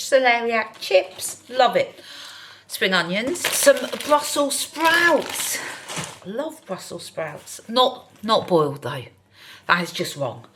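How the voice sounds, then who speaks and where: Lady chatting to camera for her vlog, pokes fun at herself, bright clear tone. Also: medium pitch, a little hiss or hum. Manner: chatty, self-deprecating. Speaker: vlogger. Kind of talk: casual vlog narration.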